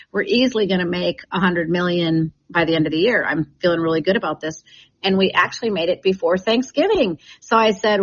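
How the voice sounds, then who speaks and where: A woman's voice: fairly low pitch, slightly rough, highs cut off. A woman who leads a real estate team, talking in a chatty, enthusiastic way with many restarts in a radio interview.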